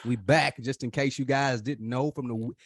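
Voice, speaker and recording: A man co-hosting a podcast, teasing his partner in animated, profane casual banter. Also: mid-range voice, moderate pace, no echo, clean studio sound. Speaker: podcast co-host.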